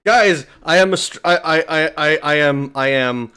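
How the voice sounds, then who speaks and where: A man chats loosely with his stream audience, his voice sitting a little higher than most men's. He gets excitable, trips over his words, curses freely and breaks into laughter constantly. It sounds close and direct, as if he is speaking into a desk microphone. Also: normal speed, hardly any pauses, clean tone. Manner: excitable, swears, stammers and laughs often. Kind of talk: casual livestream chat.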